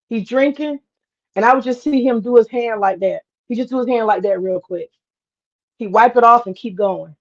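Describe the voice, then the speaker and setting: A woman talking casually on a livestream, drawling and animated as she tells a story, with asides to herself. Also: fairly high pitch, lo-fi sound. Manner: animated, drawling, swears casually, mutters to herself while cooking. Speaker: host.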